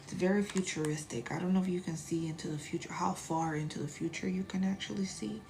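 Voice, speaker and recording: Gravelly, chatty woman reading tarot. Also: lowish voice, fairly even intonation, quick pace. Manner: chatty, blunt, swears, drifts into whispers. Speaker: tarot reader.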